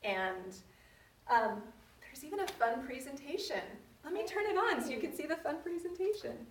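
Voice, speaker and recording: A woman's voice: sits high, animated, normal speed, a little hiss or hum. Middle-aged female workshop leader, earnest storyteller, roomy distant sound. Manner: earnest, personal storytelling with laughs. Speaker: parenting workshop host. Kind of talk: live workshop talk to a group. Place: room with an audience. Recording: echoey room, voice from a distance.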